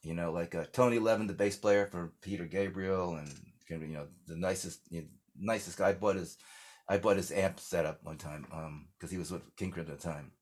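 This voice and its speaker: Brief: older American man, lowish voice, loose rambling storyteller, interview guest. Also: steady tone, fairly quick, darkish tone, husky. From United States. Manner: rambling storyteller, many restarts and fillers. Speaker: singer-songwriter guest. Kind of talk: casual interview chat.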